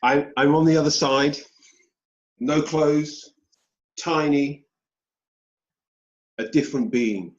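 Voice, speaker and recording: British man telling a story slowly. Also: fairly high pitch. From United Kingdom. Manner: slow, deliberate storytelling with pauses. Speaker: guest. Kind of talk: storytelling interview. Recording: dull roomy sound.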